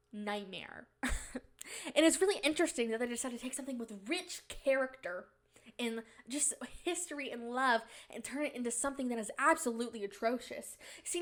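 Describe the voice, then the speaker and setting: A woman's voice: on the high side, a bit bright. A woman hosting a podcast in casual, rambling chat, giggly, with playful mock-indignant rants. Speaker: podcast host.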